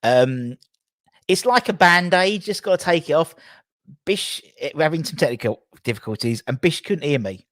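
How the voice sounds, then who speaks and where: A man hosts a casual live stream and apologises at length, circling back with restarts. His voice sits in an ordinary middle pitch, and the sound is dry and close to the mic. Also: animated, normal speed, no room sound. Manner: apologetic and rambling, with repeated restarts. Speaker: host.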